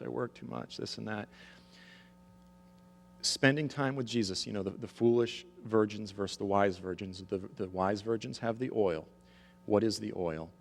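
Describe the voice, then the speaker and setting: Preaching man in an echoing hall. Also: fairly low pitch. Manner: emphatic, asks the audience for agreement. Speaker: preacher and author. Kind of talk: sermon. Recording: long hall reverb.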